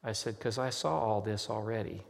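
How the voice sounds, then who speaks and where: Pastor telling a story in a reverberant hall. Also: male voice, on the low side, normal speed, vocal fry. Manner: earnest, conversational storytelling. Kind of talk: sermon testimony storytelling.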